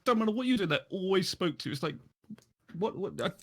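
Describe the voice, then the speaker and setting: A man's voice: sits high, expressive, racing. A man from the English countryside with an English accent, chatting casually on a podcast, swearing freely and quoting people in put-on voices. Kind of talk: casual chat.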